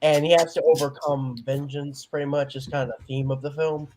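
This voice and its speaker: A man's voice: a little high, flat delivery, fairly quick, a little mellow, a little hiss or hum. A young man talking about his own film during a livestream, eager and hesitant, with many restarts. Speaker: guest filmmaker. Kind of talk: casual livestream chat.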